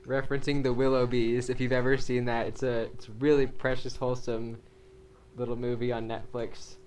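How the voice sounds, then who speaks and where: A man co-hosting a casual chat show, talking in a relaxed, rambling way full of "like" and "uh". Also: medium pitch, fairly quick, low-quality recording. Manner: relaxed, rambling, uses "like" and "uh" a lot. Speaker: co-host. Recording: faint background noise.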